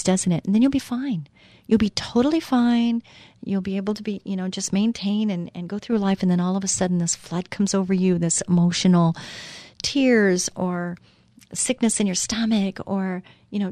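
A woman's voice: medium pitch, dark tone, no echo, clean studio sound. A middle-aged woman hosting a faith-based talk show, speaking in an earnest, heartfelt, rambling way. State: emotional at moments. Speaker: show host.

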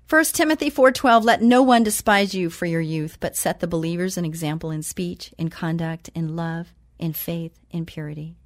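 A woman hosting a Christian talk show who reads scripture slowly and with emphasis, then chats casually. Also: lowish voice, dry recording, clean studio sound.

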